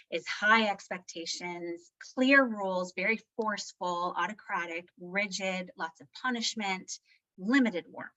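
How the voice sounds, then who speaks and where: A woman leads a parenting talk in a relaxed, conversational way and keeps tagging her points with a quick "right?". She is candid and self-deprecating about her own slips. The recording sounds slightly dull and lo-fi, and her voice sits at a medium pitch. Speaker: parenting workshop presenter. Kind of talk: live presentation.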